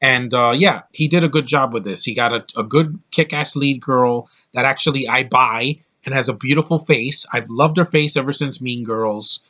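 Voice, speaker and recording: A man's voice: medium pitch, normal speed, hardly any pauses, sharp tone. A man giving a casual, rambling film review with blunt opinions and lots of restarts.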